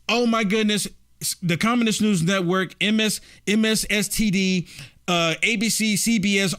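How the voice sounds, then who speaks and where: A high-pitched man talks straight to his audience in a heated political rant. He keeps asking rhetorical questions in an indignant, incredulous tone. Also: a bit bright. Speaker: political commentary host. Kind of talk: direct-to-camera political rant.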